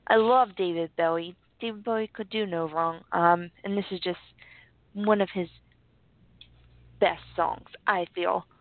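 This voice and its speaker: A woman's voice: on the low side, unhurried, dry recording. Chatty woman co-host on a phone line. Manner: relaxed, chatty, laughs easily. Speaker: podcast co-host. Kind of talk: casual chat about music. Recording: dry, tinny phone-line sound.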